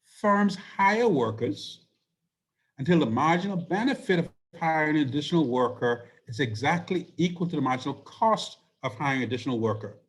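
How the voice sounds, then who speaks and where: A man teaching an economics class, hoarse and losing his voice, explaining step by step and asking rhetorical questions. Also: a little high, lively intonation, normal speed. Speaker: economics instructor. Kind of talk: recorded lecture.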